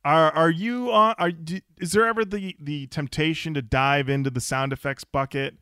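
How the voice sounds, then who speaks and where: A man's voice: on the high side, moderate pace, clear, resonant tone, no echo, clean studio sound. A man co-hosting a podcast, chatting casually and joking, often acting out song lyrics in quoted voices. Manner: animated, jokey, acts out lyrics in quoted voices. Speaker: podcast co-host. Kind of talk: casual chat.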